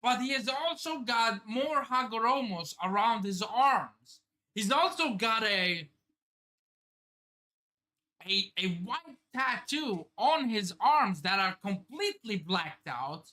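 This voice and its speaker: A man reading a manga chapter aloud on a live stream, reacting with excited outbursts and casual swearing. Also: sits high, takes it slowly.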